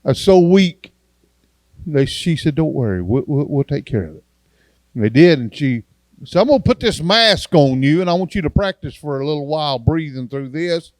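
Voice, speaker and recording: A man's voice: fairly high pitch, expressive, brisk, dry recording. A man, an evangelist giving a testimony sermon in a church and acting out the dialogue in his story in a folksy way.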